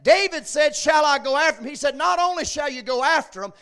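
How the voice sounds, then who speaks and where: A man preaching a sermon, swinging between shouted peaks and quiet asides. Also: very high voice, brisk.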